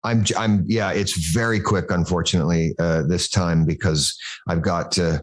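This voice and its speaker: Deep voiced american guy, guest on a chat show, rambling halting stories. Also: fairly even intonation. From United States. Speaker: guest singer. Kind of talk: casual chat.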